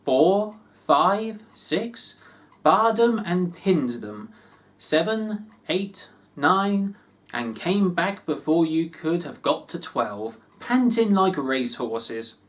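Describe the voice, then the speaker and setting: A man reading a classic story aloud, expressive and unhurried. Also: on the high side. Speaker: reader.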